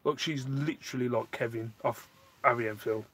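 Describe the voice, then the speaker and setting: A man's voice: medium pitch, moderate pace, husky. A man, hosting a casual live stream, rambling and answering viewer chat, getting worked up at times. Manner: rambling, animated, gets worked up.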